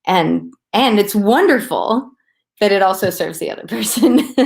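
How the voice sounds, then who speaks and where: A woman co-hosting a casual chat, talking in an animated, rambling way and often laughing. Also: mid-range voice, takes it slowly, gravelly. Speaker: co-host.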